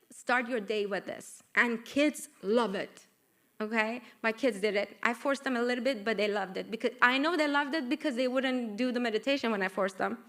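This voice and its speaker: A middle-aged woman with a Persian accent giving a lively talk at her book launch, coaxing the audience and asking for agreement. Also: fairly high pitch. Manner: animated, coaxing, asks the room for agreement. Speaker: author and workshop speaker. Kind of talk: live book launch talk with group exercises. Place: event room with live audience.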